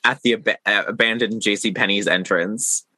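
Male podcast host, bright tense tone, rambling and playful, dry close sound. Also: on the low side, steady tone, normal speed, no echo. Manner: rambling, many fillers, playful teasing. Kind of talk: casual podcast chat.

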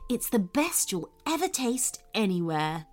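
A woman voicing a kindly, mysterious snow witch in a warm, confiding storybook manner. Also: on the high side, sing-song, unhurried, faint music behind.

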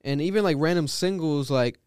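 A young man co-hosting a casual music chat, animated and acting out quotes in high voices. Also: brisk, clear, resonant tone, dry recording, studio quality. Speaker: podcast co-host.

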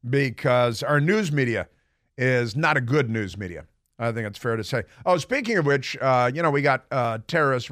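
A man's voice: medium pitch, fairly bright tone, no echo, studio quality. A man hosting a political talk radio show, delivering a combative, sarcastic, rambling monologue full of fillers.

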